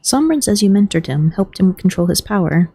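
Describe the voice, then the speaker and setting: A woman streaming a game, chatting in a relaxed, wry way and reading dialogue aloud. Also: medium pitch, brisk, slightly rough, low-quality recording. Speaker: gaming streamer. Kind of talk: casual gameplay chat, reading dialogue aloud.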